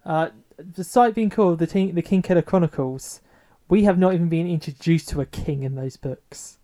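A man's voice: a little high, moderate pace, warm tone. A man co-hosting a podcast in casual chat, enthusiastic and teasing. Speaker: podcast co-host.

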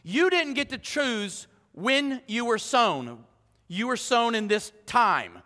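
A man preaching a sermon as pastor, animated and joking with the congregation in a church hall. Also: very high voice, takes it slowly. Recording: long church hall reverb.

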